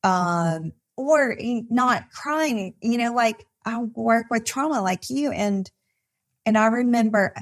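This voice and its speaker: A woman's voice: on the high side, animated, takes it slowly. Chatty lady therapist, lots of um and you know, laughs easy, recorded at a conference. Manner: chatty, many fillers and restarts, frequent laughter. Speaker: therapist and podcast guest. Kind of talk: casual conversation.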